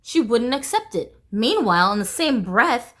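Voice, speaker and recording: A woman's voice: fairly high pitch, sing-song, moderate pace, fairly bright tone. A woman vlogger venting in a casual monologue, blunt, profane and exasperated.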